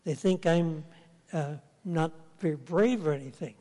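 Preacher doing a pleading teen shepherd boy, kinda high, echoey hall. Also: measured pace, warm tone, natural voice. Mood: whining. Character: earnest teenage shepherd boy. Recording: long hall reverb.

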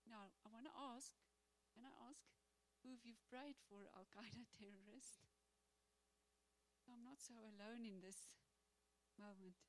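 A woman speaking in church, telling a personal testimony as a sermon with animated storytelling and acted-out prayers. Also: fairly high pitch, unhurried, pauses often, a little hiss or hum, rough recording.

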